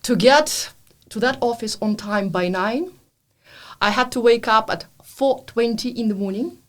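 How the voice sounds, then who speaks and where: A woman in her thirties from Russia, with a Russian accent, speaking as a guest in a podcast interview. She tells lively stories and laughs often. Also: fairly high pitch, measured pace. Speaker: guest, business consultant. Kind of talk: podcast interview, casual chat.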